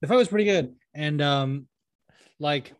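Dude rambling on a podcast, kinda high voice, cussing and laughing, dry close sound. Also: male voice, measured pace, no room sound. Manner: profane, laughing, breaks into sung bits. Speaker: podcast co-host. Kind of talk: casual chat about fights.

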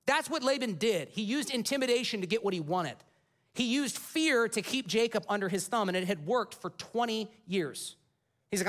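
Animated, high-voiced male preacher. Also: normal speed. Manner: animated, casual storytelling. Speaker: pastor. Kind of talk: sermon.

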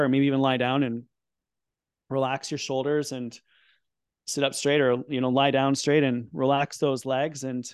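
A middle-aged man speaks as a guest expert in a relaxed podcast chat. His voice sits at an ordinary pitch and is recorded close and dry. He explains things eagerly and gently talks listeners through a breathing count. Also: smooth, no room sound. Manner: explanatory, upbeat, talks in quick bursts. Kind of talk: casual podcast conversation, guiding a breathing exercise.

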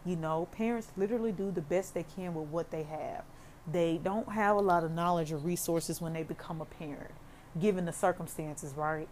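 A young woman with a fairly low voice talks through a heartfelt podcast monologue, filling her sentences with easy "you know"s. She sounds casual and sincere. A faint room hum sits behind her. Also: darkish tone. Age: young adult. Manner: heartfelt, conversational, many "you know" fillers. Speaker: therapist and podcast host.

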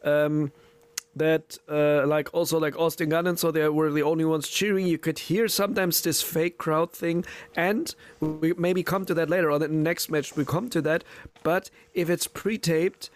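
A man's voice: fairly high pitch, steady tone, normal speed. A man in a casual wrestling chat, talking hesitantly with many restarts. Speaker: wrestling podcast co-host.

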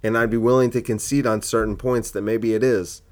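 A man's voice: mid-range voice, level tone, fairly quick, a little mellow, a little hiss or hum. A man, a comedian, arguing his point in a solo podcast monologue, full of rhetorical questions and fillers.

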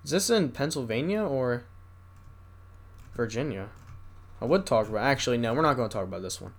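A man's voice: medium pitch, expressive, a little hiss or hum. Rambling young man reading the news. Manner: rambling, reads news aloud haltingly with asides. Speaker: podcast host. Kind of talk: solo casual news chat.

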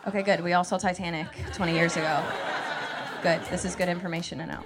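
A woman's voice: lowish voice, fairly even intonation, fast, a loud crowd. A woman in her thirties doing a stand-up comedy set, telling wry, self-mocking stories that build to punchlines. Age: 30s. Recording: noisy live stand-up recording.

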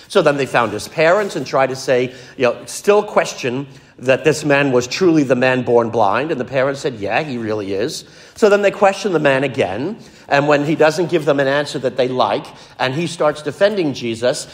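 An older man delivers a sermon in a somewhat high voice. He speaks earnestly and briefly acts out the people he quotes. His voice carries a long, ringing reverb. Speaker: preacher.

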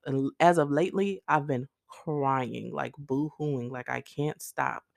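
A woman's voice: extremely low pitch, gravelly, darkish tone, no room sound, studio quality. A woman hosting her own podcast, talking earnestly to her listeners in a rambling, casual way, full of "like" and "literally.". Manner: speaks directly to listeners. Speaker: podcast host. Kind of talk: casual faith-based monologue.

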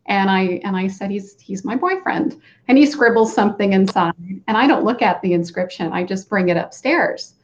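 A woman hosting a casual interview, chatty and giving quick back-channel responses. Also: mid-range voice. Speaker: host. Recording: dull, muffled sound.

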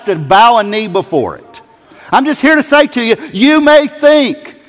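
A male pastor preaching a sermon in a folksy, emphatic way, building to loud peaks. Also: extremely high pitch, expressive, moderate pace. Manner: folksy, emphatic, rising to shouts. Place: church sanctuary. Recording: church hall reverb.

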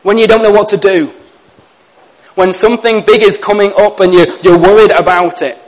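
A male pastor preaching a sermon in an earnest, gentle way, slowing down to read scripture reflectively. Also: high voice, steady tone, poor audio.

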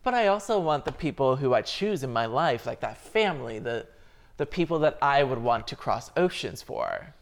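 A man's voice: mid-range voice, expressive, moderate pace, creaky. A man in casual podcast chat, talking earnestly and filling his sentences with "like". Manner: earnest, filler-heavy with many "like"s.

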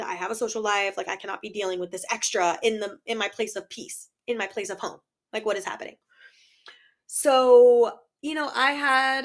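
A woman's voice: mid-range voice, a bit bright. A woman in her twenties telling a casual storytime vlog, chatty and exasperated, acting out both sides of past arguments. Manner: chatty, exasperated, quotes herself and others in dialogue. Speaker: vlogger.

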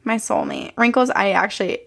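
A woman's voice: medium pitch, huge pitch swings, brisk, gravelly, a bit bright. A young woman co-hosting a podcast, chatting casually and telling rambling personal stories with frequent laughs. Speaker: podcast co-host.

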